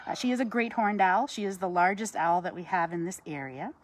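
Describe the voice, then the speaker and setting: A woman's voice: fairly low pitch, lively intonation, a little fast. Chatty New woman outdoors. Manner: chatty, greets viewers by name, coos to the owl. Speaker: wildlife educator. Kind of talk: live-stream educational talk.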